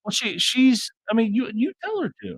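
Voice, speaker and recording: A man's voice: very high voice, very animated, moderate pace, breathy edge, no room sound, poor audio. Rambling, joking man co-hosting a live stream. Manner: rambling, stumbles and restarts, joking. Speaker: co-host of a travel tips show. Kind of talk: casual live-stream chat.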